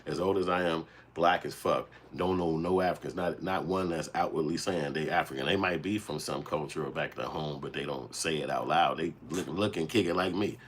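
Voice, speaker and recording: A man's voice: extremely low pitch, a little fast, hardly any pauses. A man hosting a commentary livestream, ranting bluntly and with heavy profanity while calling out his chat viewers. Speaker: channel host commenting on a clip.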